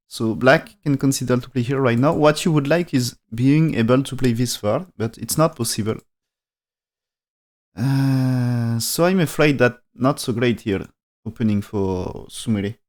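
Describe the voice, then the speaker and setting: Male go commentator, live-stream review, non-native English, halting and thoughtful delivery. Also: mid-range voice. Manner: hesitant, thinking aloud with frequent restarts; speaks non-native English with dropped articles. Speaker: go game commentator.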